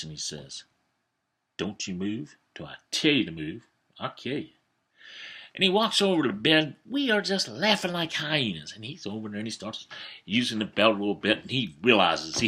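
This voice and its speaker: A man in his fifties telling a family story in a folksy, animated way, with some hesitations. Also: on the low side, husky. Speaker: vlogger. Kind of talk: storytelling monologue.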